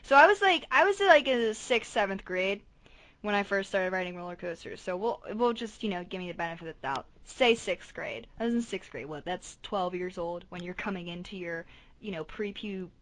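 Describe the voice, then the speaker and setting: A woman's voice: mid-range voice, a little fast. A woman in her twenties co-hosting a podcast, telling rambling stories in casual chat and acting out quotes. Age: 20s. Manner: rambling, animated storytelling with acted-out quotes. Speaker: podcast co-host.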